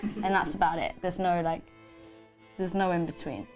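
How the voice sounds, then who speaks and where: Chatty British woman with a low voice. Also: normal speed, a little mellow, faint music behind. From Britain. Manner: chatty, scattered, self-deprecating, laughs often. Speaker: actor guest. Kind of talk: casual interview chat while painting.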